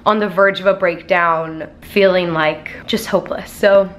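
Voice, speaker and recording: A woman in her twenties talking casually to a handheld camera, chatty and expressive, with lots of "like" in her speech. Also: on the low side, measured pace. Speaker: vlogger. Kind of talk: casual vlog chat to camera.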